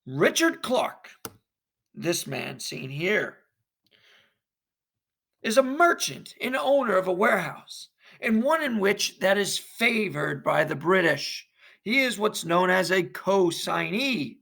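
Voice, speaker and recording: A man's voice: sits high, big pitch swings, takes it slowly, gravelly, a bit bright. A man teaching a history lesson, who narrates a short classroom play and then explains a worksheet.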